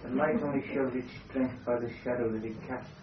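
A man's voice: mid-range voice, steady tone, brisk. A man in conversation, pushing back with counterpoints in a hesitant way. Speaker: interlocutor. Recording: distant echoey room on a dull, noisy old recording.

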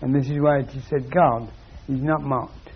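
Husky guy talking real slow and deliberate, like an old lecture tape, kinda muffled. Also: medium pitch, fairly even intonation. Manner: measured, deliberate, with long pauses. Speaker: spiritual lecturer.

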